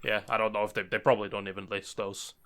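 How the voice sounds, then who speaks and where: A man's voice: on the low side, level tone, quick pace, a bit bright. A man co-hosting a podcast, chatting casually and rambling with many fillers. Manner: rambling, full of fillers and restarts. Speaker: podcast co-host. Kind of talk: casual chat.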